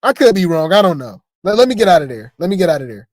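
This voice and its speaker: A man's voice: high voice, sing-song, fast talker, darkish tone, no room sound, clean studio sound. A man giving casual reaction commentary on video clips, chatty and stammering, throwing asides to his viewers. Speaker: commentary host.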